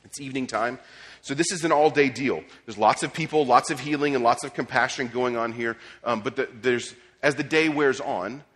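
A man's voice: medium pitch, moderate pace, a bit bright, husky. A man preaching a sermon as pastor, conversational, with restarts and casual asides. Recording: long hall reverb.

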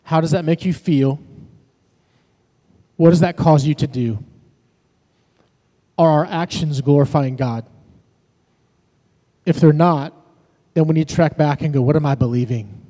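A man's voice: fairly high pitch, a little slow, long pauses, warm tone. A man, a pastor and worship leader, preaching a sermon in a conversational way, telling personal stories to his congregation. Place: church sanctuary. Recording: long reverb of a large hall.

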